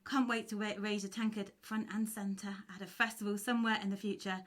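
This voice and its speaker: A woman's voice: medium pitch, flat delivery, a little fast. A woman musician from Cornwall hosting a live stream, chatting casually, laughing often and reading out viewer messages. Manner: giggly, often breaks into laughter; reads out viewer messages warmly.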